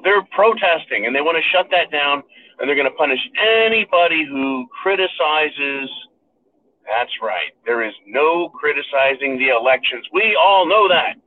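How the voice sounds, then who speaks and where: A man's voice: on the high side, a little hiss or hum. A man hosting a show, delivering a sarcastic, ranting political monologue and calling his listeners "folks". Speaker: podcast host. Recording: tinny phone-like sound.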